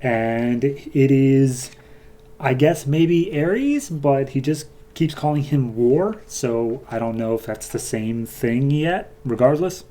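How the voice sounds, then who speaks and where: A man hosting a podcast, casually retelling a comic's plot with many fillers and quick quoted lines. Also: mid-range voice, lively intonation, mellow. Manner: loose, filler-heavy retelling, voicing characters lightly. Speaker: podcast host.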